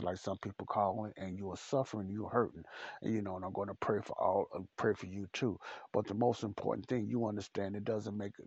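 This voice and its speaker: Blunt husky-voiced man preaching. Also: on the low side, darkish tone, no room sound. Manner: blunt, repetitive, addresses listener directly. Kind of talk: podcast sermon. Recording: dull, dry lo-fi recording.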